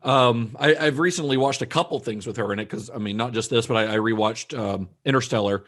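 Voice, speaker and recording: A man's voice: medium pitch, brisk, a bit bright. Chatty man co-hosting a movie podcast. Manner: chatty, with frequent fillers and restarts. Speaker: podcast co-host. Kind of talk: casual film discussion.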